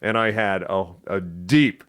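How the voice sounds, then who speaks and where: A man's voice: sits low, slow, clean tone, no room sound, clean studio sound. A middle-aged man from Texas, a guest who tells stories animatedly and slips into voices. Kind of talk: casual storytelling.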